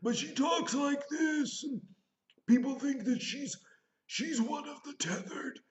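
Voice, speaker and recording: A man imitating a creepy female doppelganger in a strained, croaking falsetto. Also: takes it slowly, roomy sound, dull audio.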